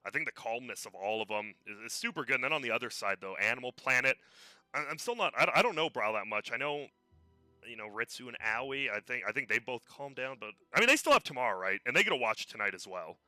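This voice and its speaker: A man's voice: mid-range voice, lively intonation, fast, sharp tone, no room sound. A man commenting on a live esports match in a casual, chatty way, often restarting his words, with a headset mic.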